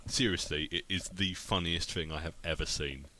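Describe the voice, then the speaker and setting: A man's voice: deep voice, moderate pace, sharp tone, slight background noise. A British man co-hosting a podcast, chatting casually and laughing often at his own jokes. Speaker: podcast co-host. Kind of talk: casual chat.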